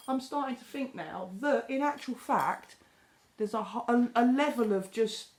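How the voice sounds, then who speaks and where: Exasperated British woman venting with lively, animated delivery. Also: on the high side. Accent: British English. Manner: exasperated, sarcastic storytelling with acted-out quotes. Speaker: vlogger. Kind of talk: casual chat, ranting. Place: home kitchen.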